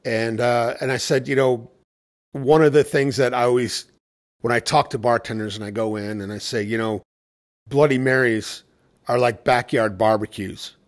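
A man's voice: medium pitch, steady tone, normal speed. Man telling stories about cocktails. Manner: anecdotal storytelling, acting out quoted exchanges. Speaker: cocktail educator. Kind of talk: casual conversation.

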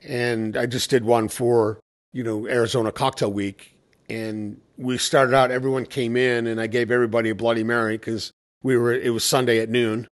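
A man's voice: mid-range voice, flat delivery, normal speed. A man speaking as a cocktail educator in a casual conversation, telling anecdotes and acting out what people said. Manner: anecdotal storytelling, acting out quoted exchanges.

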